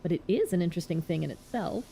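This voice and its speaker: A woman's voice: on the low side, expressive, fast, creaky, mellow, slight background noise. A woman voicing a dry, precise young male doctor who lectures.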